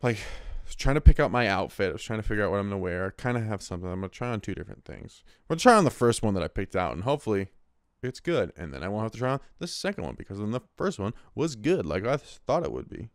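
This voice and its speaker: A man's voice: fairly low pitch, sing-song, fast talker, no echo, studio quality. A man in his twenties who hosts the show, talking in a rambling, casual monologue full of swearing and restarts. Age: 20s. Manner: rambling, profane, restarts often. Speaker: host.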